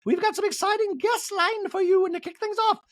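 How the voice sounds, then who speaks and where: A man's voice: steady tone, brisk, a bit bright, dry recording. A man doing a shrieking gushing gala hostess. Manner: shrill, whooping, over-the-top. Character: squealing excited woman emcee, gushing hostess.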